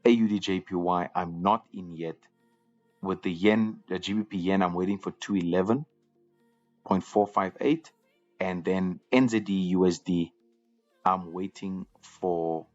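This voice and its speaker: Low-voiced guy doing live trading commentary, kinda dull lo-fi audio, faint music behind. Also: darkish tone. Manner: conversational, repeats words and restarts often. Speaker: trading room host.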